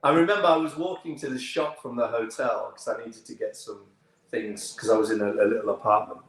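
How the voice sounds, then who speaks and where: A man from the United Kingdom, an actor, telling anecdotes in an interview with lively delivery and frequent laughter. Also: lowish voice, brisk. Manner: lively storyteller, laughs often, acts out other voices. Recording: roomy echo.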